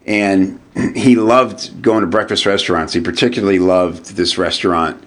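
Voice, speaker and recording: A lower-pitched man talks as a podcast guest. He tells his story in an animated, conversational way, stumbling over and repeating words as he goes. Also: normal speed. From United States. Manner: animated storyteller, frequent restarts and repeated words, laughs while telling.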